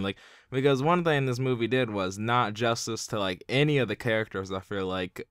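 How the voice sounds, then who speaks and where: A man's voice: mid-range voice, expressive, normal speed, clear, resonant tone, no room sound, studio quality. A young man giving a casual spoken review, rambling with constant filler words. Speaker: video reviewer.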